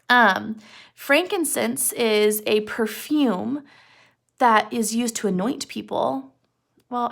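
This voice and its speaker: A woman's voice: a little high, gravelly, fairly bright tone. A young woman casually retelling a story as a lesson, chatty with frequent fillers and rhetorical questions. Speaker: teacher explaining a story.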